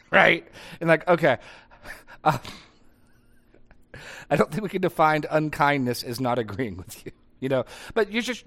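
A man preaching in a conversational, animated way, acting out short dialogues as examples. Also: a little high. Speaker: pastor. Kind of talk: conversational sermon.

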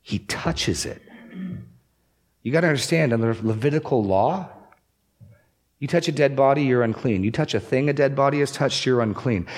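A man's voice: medium pitch, normal speed, long pauses. Emphatic male preacher. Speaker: pastor. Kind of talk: sermon.

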